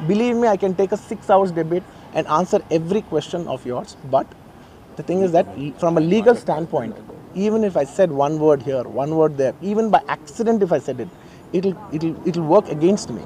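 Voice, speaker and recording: A middle-aged man with a Telugu accent gives a fast, insistent press statement in a dark, mellow, slightly high voice, repeating phrases to drive his point home. Faint outdoor ambience sits behind him. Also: lively intonation, slight background noise. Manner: earnest, insistent, repeats himself. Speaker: actor at a press conference. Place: press meet in a garden.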